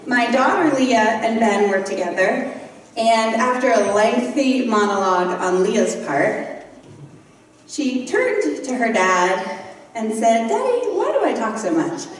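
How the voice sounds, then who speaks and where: A woman giving a sermon, telling a story in a gentle, unhurried way with touches of light humor. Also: a little high, animated. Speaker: guest speaker. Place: large church hall. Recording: echoey hall, voice from far off.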